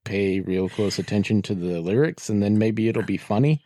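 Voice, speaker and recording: A man's voice: lowish voice, moderate pace, warm tone, dry recording. A man co-hosting a podcast in casual chat, answering with dry, teasing one-liners. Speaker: podcast co-host.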